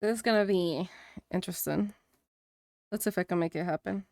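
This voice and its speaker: A woman's voice: lowish voice, brisk, vocal fry, darkish tone, no room sound, studio quality. A woman streamer chatting casually to herself as she works on a drawing. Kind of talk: casual chat while drawing.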